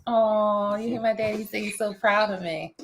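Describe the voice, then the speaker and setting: A woman hosting a casual chat, animated and talkative, laughing often. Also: medium pitch, moderate pace. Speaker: vlog host.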